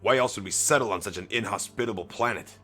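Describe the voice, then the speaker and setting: A man reading the lines of a scheming male settler leader as a low, measured villain in a comic. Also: bright, forceful tone, soft background music. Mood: menacing.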